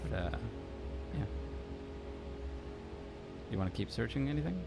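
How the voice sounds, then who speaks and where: A man narrating as game master in a relaxed, hesitant way with many fillers. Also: medium pitch, unhurried, vocal fry, over loud music.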